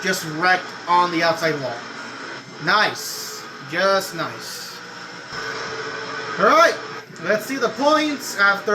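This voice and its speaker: High-voiced excitable young man gaming. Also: noisy background. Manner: excitable, swearing, yells at the game. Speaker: racing game streamer. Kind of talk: gameplay commentary.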